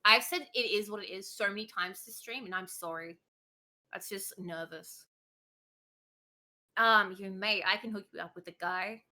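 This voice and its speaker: A woman's voice: medium pitch, moderate pace, long pauses, sharp tone. A young woman streamer chatting casually as a guest, talkative, swearing now and then and laughing easily. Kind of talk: casual chat.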